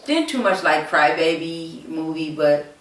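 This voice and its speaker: A woman's voice: low voice, expressive, unhurried, a bit bright, a little hiss or hum. A woman vlogger chatting casually to her viewers, rambling and hesitant, with many fillers and repeated words. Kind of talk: casual rambling chat to camera. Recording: echoey room, mic set far off.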